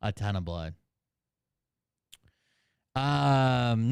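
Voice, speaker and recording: A man's voice: mid-range voice, moderate pace, clear, resonant tone, no echo, clean studio sound. A man hosting a casual commentary show, reading emails aloud with sarcasm and swearing. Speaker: host.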